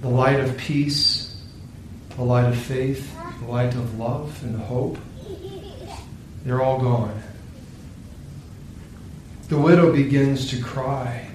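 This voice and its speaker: A man preaching, telling a sermon story in a slow, solemn, hushed way. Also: medium pitch, steady tone, a little hiss or hum. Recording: very echoey room, distant mic.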